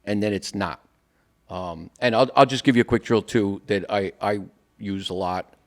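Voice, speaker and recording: A firefighter co-hosts a podcast in a relaxed, rambling style, his low voice acting out the dialogue of his stories as he goes. He fills the pauses with plenty of "you know" and keeps it conversational. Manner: tells stories with quoted dialogue, many "you know" fillers. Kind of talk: casual interview storytelling.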